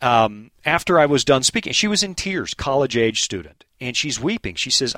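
A man's voice: medium pitch, very animated, normal speed, hardly any pauses, bright, forceful tone, dry recording. A man answering listener questions in a preaching style, earnest and emphatic, quoting scripture and telling stories.

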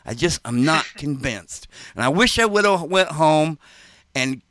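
A man's voice: a little high, animated, unhurried, a bit bright, dry recording. A man telling a rambling casual anecdote, full of fillers and "like.". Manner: rambling, full of "like" and "you know". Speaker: storyteller.

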